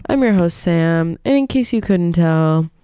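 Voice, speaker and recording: A young woman hosts a campus radio show while congested from a cold. She rambles through announcements with plenty of ums at an unhurried pace. Her voice is mellow and smooth, close and dry on a studio mic. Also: lowish voice, animated, no room sound. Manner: chatty, rambling with many ums. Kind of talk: casual campus radio hosting. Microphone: studio microphone.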